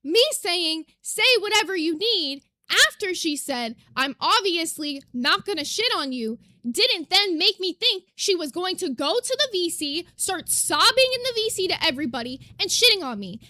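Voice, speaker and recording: A young woman streamer talks straight to her live chat in a very high voice. She is emphatic and indignant and swears freely as she argues her side. The sound is dry and close, with no room around it. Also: pushed and bright, dry recording.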